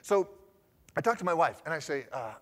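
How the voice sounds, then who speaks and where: A man in his forties giving a talk, telling lively stories and acting out the conversations he recounts. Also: fairly high pitch, fairly quick. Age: 40s. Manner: lively anecdotal storytelling, acting out the dialogue he recounts. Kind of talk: storytelling talk. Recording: long hall reverb.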